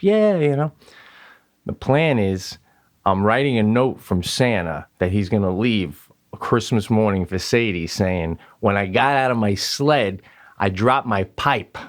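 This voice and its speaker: A man co-hosting a podcast, telling family stories in casual chat, profane and joking, acting out quoted voices. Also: lowish voice. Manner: animated storyteller who acts out quoted voices. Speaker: podcast co-host; father.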